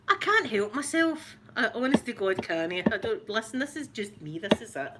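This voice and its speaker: A woman's voice: fairly high pitch, sing-song, measured pace, very noisy. A middle-aged Scottish woman hosting a livestream, chatting in a rambling way and greeting viewers by name. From Scotland. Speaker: ASMR livestream host. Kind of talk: casual livestream chat.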